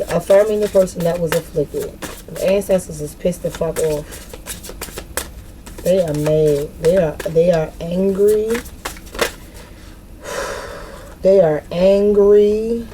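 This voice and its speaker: A woman's voice: fairly low pitch, dark tone, a little hiss or hum, low-quality recording. Frank, cursing woman giving a spiritual reading. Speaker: spiritual card reader.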